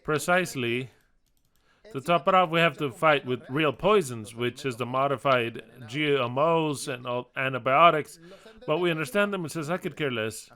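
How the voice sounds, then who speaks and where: A man with a Spanish accent preaching an animated, emphatic sermon, full of repetitions and restarts. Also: mid-range voice, moderate pace.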